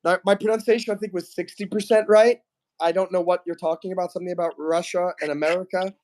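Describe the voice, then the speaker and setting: Live stream host, man, slightly high pitch, chatty, reads the chat, clears his throat often. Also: fairly even intonation, fast, a little mellow.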